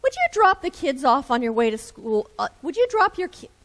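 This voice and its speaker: A woman's voice: sits high, very animated, fairly quick, fairly bright tone, big-room sound, voice pushed up, exaggerated voice. A woman voicing a busy mother who hurriedly asks her husband for a favor, in a told story.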